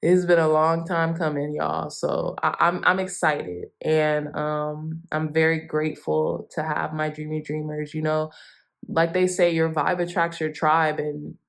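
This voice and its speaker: A woman's voice: deep voice, flat delivery, unhurried, vocal fry. A woman giving a chatty, effusive tarot reading straight to her viewers. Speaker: tarot reader.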